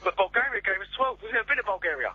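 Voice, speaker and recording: A man's voice: sits high, animated, rapid-fire, breathy edge. A male singer calling in to a radio show, chatty and stumbling, repeating himself as he talks, heard over a phone line. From England. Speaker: pop singer, phone guest. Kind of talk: casual phone interview.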